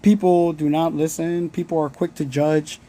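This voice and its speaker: A man's voice: fairly high pitch, level tone, moderate pace, dark tone. Blunt, earnest man streaming live. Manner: blunt, earnest, swears freely, talks straight to viewers. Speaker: livestream host. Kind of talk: casual motivational livestream talk. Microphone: phone.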